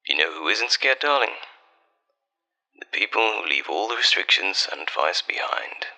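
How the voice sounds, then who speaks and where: Gravelly whispering man, whispered role-play. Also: sits low, sing-song, normal speed, low-quality recording. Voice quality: breathy whispering. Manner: soft, tender, reassuring boyfriend on a late-night call. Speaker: ASMR artist.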